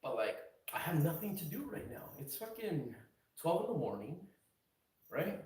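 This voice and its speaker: A man's voice: on the high side, sing-song, normal speed, darkish tone, reverberant, distant mic, poor audio. A young man streaming late at night from a house, rambling casually and swearing in a laid-back way.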